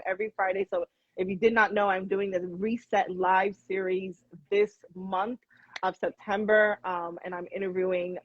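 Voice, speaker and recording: A woman hosts a faith-based live chat with energy and a preaching style, repeating words for emphasis. Her voice is slightly husky. The sound is dry and muffled, like a lo-fi live stream. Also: medium pitch, no echo. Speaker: live show host.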